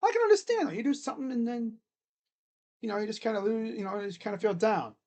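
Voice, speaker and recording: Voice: medium pitch, darkish tone. Rambling live game-reaction streamer. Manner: rambling, joking, talks to himself between plays; drawn-out play calls during game action. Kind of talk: casual live play-by-play reaction.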